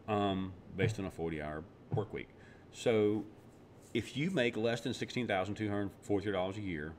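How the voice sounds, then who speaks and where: A man with a lowish voice rants sarcastically through casual political commentary. He often stumbles and restarts his words, and a faint low rumble sits underneath. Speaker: vlogger.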